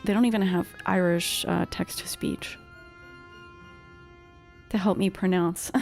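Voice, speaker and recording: A woman's voice: mid-range voice, vocal fry. A woman streaming a video game, talking casually to chat in a chatty, self-deprecating way, laughing often. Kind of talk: casual gameplay commentary.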